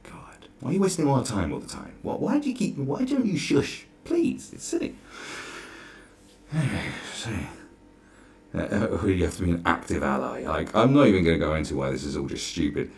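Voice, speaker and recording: Sarcastic guy ranting, low gravelly voice, all over the place pitch-wise. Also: huge pitch swings, moderate pace, darkish tone. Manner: exasperated, sarcastic, swears freely. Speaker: commentary vlogger. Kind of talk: ranting reaction commentary.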